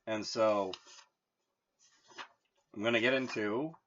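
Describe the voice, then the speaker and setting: A man's voice: on the low side, fairly even intonation, takes it slowly, a bit bright, lo-fi sound, a little hiss or hum. A man from Massachusetts hosting his channel, explaining things in a loose, rambling monologue full of "like". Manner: rambling, heavy use of "like". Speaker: channel host.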